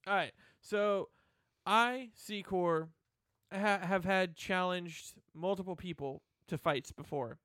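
Radio host guy, high smooth voice, dry studio sound, joking around fast. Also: a bit bright, no room sound. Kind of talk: rock radio banter.

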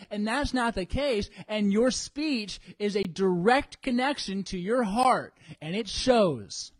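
A man preaching a sermon in an animated way, acting out what people think in church. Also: high-pitched, no echo. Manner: animated, acts out congregants' inner voices. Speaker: pastor.

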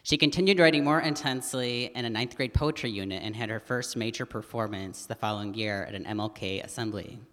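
A man's voice: fairly low pitch, a little fast, hardly any pauses, fairly bright tone. Man giving a formal stage introduction. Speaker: writing teacher introducing a student. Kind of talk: scripted introduction at a public reading. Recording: long hall reverb.

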